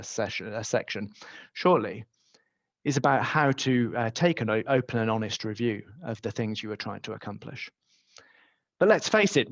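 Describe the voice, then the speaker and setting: A man giving a business webinar, speaking conversationally and filling pauses with ums and uhs. His voice sits in a middle range and comes through a slightly dull computer microphone in a dry space with no echo. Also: medium pitch. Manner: conversational with frequent fillers. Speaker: webinar presenter.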